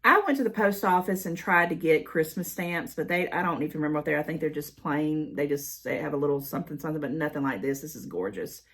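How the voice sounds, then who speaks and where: Reading fan mail aloud in a casual chat, a middle-aged American haul vlogger gushes emotionally and keeps repeating herself. Her voice sits low and is slightly bright and a little rough, and she talks quickly with few pauses.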